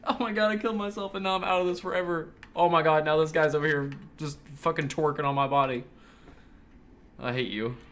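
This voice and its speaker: A young man commentating his own online shooter match, excitable and cursing, yelling at other players. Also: a little high, fairly quick. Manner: excitable, swears often, yells at other players. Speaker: gamer streamer. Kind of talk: live gameplay commentary.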